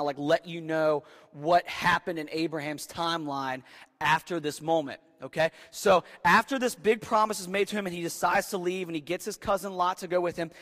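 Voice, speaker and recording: A young male preacher with a high, light voice talks through his sermon like a chat with friends. He keeps checking in with "right?" and slips into voices for the people in the story. His words ring out with a long echo through a big church hall. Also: a bit bright. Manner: keeps asking "right?" and acts out voices in quotes. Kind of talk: casual conversational sermon. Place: church hall with a live audience. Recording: long reverb of a large hall.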